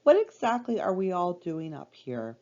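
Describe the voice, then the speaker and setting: A woman's voice: fairly low pitch, big pitch swings, normal speed, dark tone. A woman voicing a polite, cheerful young boy in a storybook read-aloud, speaking in a well-spoken way. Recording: dull lo-fi recording.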